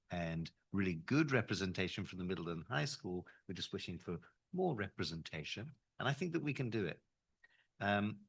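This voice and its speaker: A man gives the superintendent's report at a school board meeting, measured and pausing on fillers. His voice is very deep. The sound is dry and close. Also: fairly bright tone, slightly rough, dry recording.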